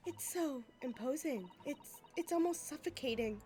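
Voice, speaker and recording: A woman's voice: fairly high pitch, moderate pace, faint music behind. A woman streamer giving casual, playful and blunt commentary while playing a game.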